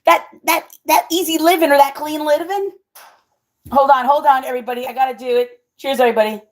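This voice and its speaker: A woman hosting her own cooking vlog, chatting casually with viewers, excitable and always exclaiming and laughing. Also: high-pitched, a little fast. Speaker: cooking vlogger and channel host.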